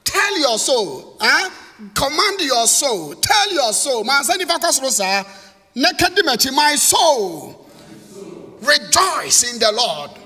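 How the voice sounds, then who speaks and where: A man's voice: very high voice, very animated, slow, pushed and bright. A Ghanaian man, a pastor whose first language is Twi, preaching a sermon that switches between English and Twi, repeating key words and calling out to the congregation. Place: church hall. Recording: long reverb of a church hall.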